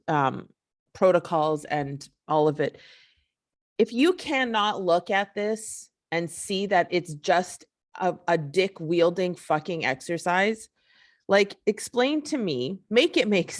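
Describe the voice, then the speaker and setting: A woman hosting a solo podcast, ranting in a frustrated, emphatic, profane way. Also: on the low side. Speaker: podcast host. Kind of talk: casual solo podcast rant.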